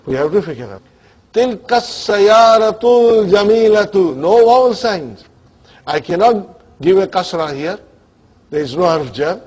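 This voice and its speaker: The recording, dull and lo-fi, comes from an Arabic grammar class where a man lectures, quizzing students and making sure they're following. He uses English mixed with Arabic grammar terms, in a high, slightly mellow voice with a breathy edge.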